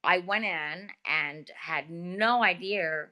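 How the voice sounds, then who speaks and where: A woman with an Australian accent, a guest telling stories in a chatty, animated way full of fillers, over a video call. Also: fairly low pitch, slow. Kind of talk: casual interview talk.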